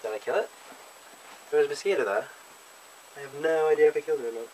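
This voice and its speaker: A young man from Australia, speaking with an Australian accent, is a vlogger doing a laid-back accent tag video: he reads a word list and answers questions with teasing jokes at his own expense. His voice is fairly high-pitched and fast, with a darkish tone. The audio is poor, with some hiss or hum.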